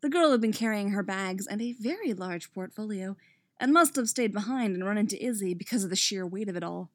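A woman reads a romance fan fiction story aloud, reacting as she goes with startled asides and swearing. Her expressive voice is mid-range and brisk, with clean studio quality and no room sound.

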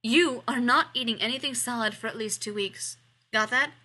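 A woman voicing a grumpy male doctor with a Southern US accent, gruff and scolding. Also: a little high, fast talker, sharp tone.

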